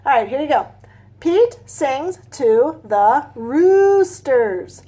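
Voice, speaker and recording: Brief: high-pitched young woman, children's phonics teacher, reads slowly and gently. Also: lively intonation. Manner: gentle, talks directly to young listeners, sings snatches of nursery songs. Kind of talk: children's read-aloud phonics lesson.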